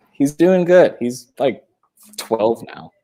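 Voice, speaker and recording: A man's voice: medium pitch, huge pitch swings, extremely slow, creaky, dark tone. A young man on a video call, chatting casually and rambling, laughing often and swearing. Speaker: podcast guest.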